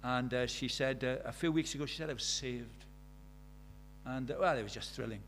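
A man's voice: medium pitch, fast talker, fairly bright tone, slight background noise. An older man, preaching a sermon in a conversational way, full of rhetorical questions.

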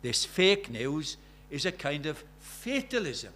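A man preaching a sermon, animated and rhetorical, asking the congregation questions and acting out the voices he quotes. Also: fairly high pitch, takes it slowly.

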